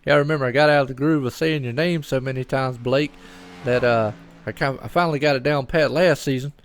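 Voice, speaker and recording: A male race commentator calls a live sim race by himself, chatting in a folksy, upbeat way. His voice has a gravelly, creaky texture. He rambles and often repeats words. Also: medium pitch, fast, slight background noise.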